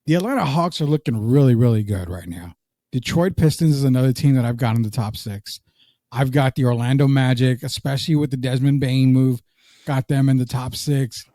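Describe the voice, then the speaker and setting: A relaxed man co-hosts a sports talk show in a loose, joking way. He reads viewer comments aloud between takes on the league. The sound is dry and close, with no room around it. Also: medium pitch, fairly quick, dry recording. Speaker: podcast co-host. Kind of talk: casual sports podcast chat.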